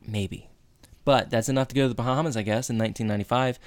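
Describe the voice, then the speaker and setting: A man's voice: mid-range voice, steady tone, fast. A young man co-hosting a podcast, chatting casually and playfully, acting out characters as he recaps an episode. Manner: playful, acts out characters' lines. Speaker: podcast co-host.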